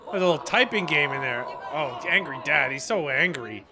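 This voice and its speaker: A man's voice: fairly high pitch, moderate pace, hardly any pauses, crowd noise. A man hosting a gaming channel, chatting in a bemused way to himself as he plays a game. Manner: chatty, bemused, talking to himself while playing. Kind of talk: let's play commentary.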